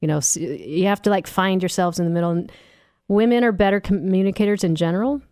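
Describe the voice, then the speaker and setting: A woman's voice: fairly low pitch, quick pace, a little mellow, no room sound, studio quality. A woman guest on a radio show, talking about sex and relationships in a frank, easygoing way. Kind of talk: radio interview chat. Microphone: studio mic.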